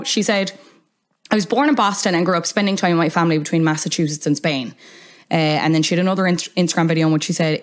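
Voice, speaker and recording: An Irish woman hosts her podcast in a casual, chatty way. She drops wry little asides as she goes, and her voice sits slightly on the low side. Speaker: podcast host.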